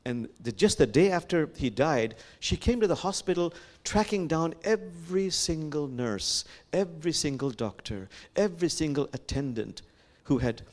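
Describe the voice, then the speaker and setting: Older man, lively gentle sermon storytelling. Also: a little high. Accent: Bangladeshi. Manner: gentle, animated storytelling with pauses and fillers. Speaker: imam. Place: sanctuary.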